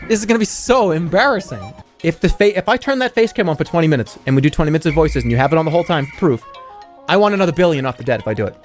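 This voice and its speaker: Male streamer, high-pitched, playful and self-deprecating, talking to his chat. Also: animated, rapid-fire, faint music behind. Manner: joking, self-mocking, laughing. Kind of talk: casual gaming stream chat.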